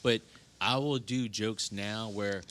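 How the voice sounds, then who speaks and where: A man co-hosts a comedy podcast, easygoing and quick with short jokes. His voice sits fairly low with a bright, forward edge. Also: steady tone, slight background noise. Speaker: podcast co-host and stand-up comedian. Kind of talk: casual chat.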